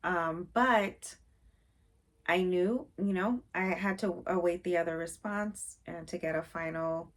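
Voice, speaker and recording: A woman's voice: lowish voice, slow. A woman vlogger in casual chat, rambling with many fillers and openly sensitive about her feelings.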